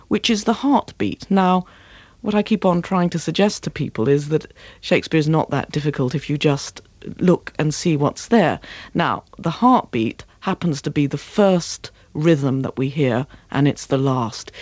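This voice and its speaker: A woman acting and voice coach, talking passionately as an interview guest and slipping into slow, dramatic readings of verse. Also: deep voice, darkish tone, no room sound.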